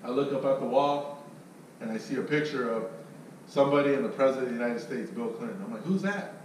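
A man's voice: mid-range voice, fast talker. Profane storytelling man, echoey distant mic. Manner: profane, animated storyteller who acts out voices. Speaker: salesman and sales coach. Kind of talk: casual storytelling with coaching. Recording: echoey room, distant mic, faint noise.

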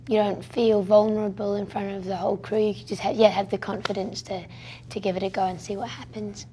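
Woman with a flat, even voice. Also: mid-range voice, slight background noise. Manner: thoughtful, hesitant phrasing. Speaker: actress interviewed at a festival. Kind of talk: casual press junket chat.

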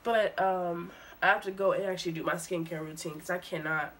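A woman's voice: on the low side, steady tone, a little fast, fairly bright tone, a little hiss or hum. A young woman vlogging casually to camera, sick and sniffly, with exasperated chatter. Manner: exclaims and cries out in pain, then chats. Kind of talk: casual vlog talk to camera.

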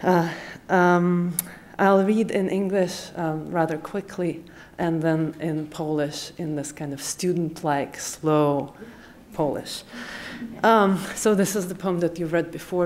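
Slow, measured woman with a Russian accent. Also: fairly low pitch, fairly even intonation, darkish tone. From Uzbekistan. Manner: measured and deliberate, hesitant in asides. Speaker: assistant professor. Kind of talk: poetry reading at a public event.

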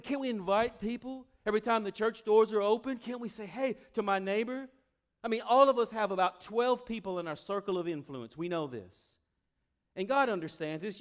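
A male pastor with a voice that sits high delivers an animated sermon. He swings from loud exclamations to quiet, intimate asides.

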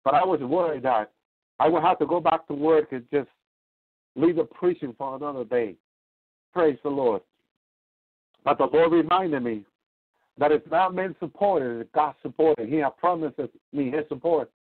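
A man's voice: fairly high pitch, moderate pace, pauses often. Fervent preacher man on a tinny phone line. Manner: fervent, repetitive, rising to cries. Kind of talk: radio sermon.

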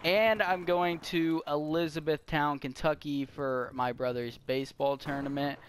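A man's voice: mid-range voice, normal speed, noisy background. A teenage boy rambling through a channel update while playing a shooter game, swearing at the game between sentences. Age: teens. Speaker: gaming YouTuber.

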